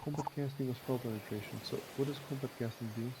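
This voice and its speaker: A man's voice: medium pitch, steady tone, quick pace, heavy background noise. A man running a tabletop game, explaining rules with many fillers and restarts. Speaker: game master.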